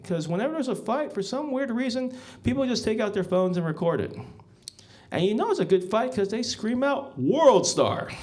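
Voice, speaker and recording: A man performs stand-up on a club stage. His voice sits a little high and leaps all over the place. He rambles through deadpan stories, padding them with ums and asides to the crowd. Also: fairly quick. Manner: rambling deadpan storytelling with many ums, often says "guys". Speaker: stand-up comedian. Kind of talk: stand-up set.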